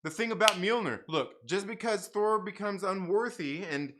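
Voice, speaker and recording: A young man hosts a casual livestream at a moderate pace, reading chat and laughing often. He's expressive, swinging between loud outbursts and low asides.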